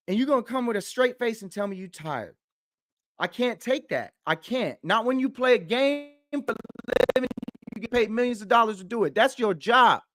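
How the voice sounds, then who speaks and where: A man's voice: very high voice, fairly bright tone, no echo, studio quality. A man in a heated sports talk show, indignant and ranting, repeating himself for emphasis.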